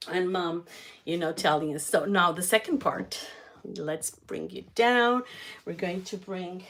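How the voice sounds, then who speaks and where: A woman hosting a cooking channel, telling a family story in a casual, halting way while she cooks, with many fillers and restarts. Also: on the low side, a bit bright.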